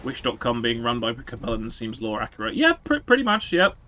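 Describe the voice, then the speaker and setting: A man's voice: medium pitch, huge pitch swings, brisk, sharp tone, a little hiss or hum. Sarcastic man streaming a game. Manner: sarcastic, swearing, jokey asides to chat. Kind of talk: casual gameplay commentary.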